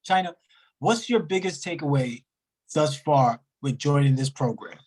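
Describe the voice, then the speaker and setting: Give me a hyped-up call host addressing the whole group over video chat. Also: a little slow. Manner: animated, shifting pitch, slangy, talks to the group directly.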